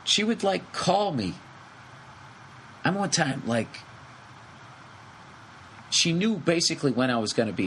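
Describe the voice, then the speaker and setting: A middle-aged man hosting a podcast, telling a rambling comic story with lots of swearing in quick animated bursts. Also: mid-range voice, low-quality recording. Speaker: podcast host. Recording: faint background noise.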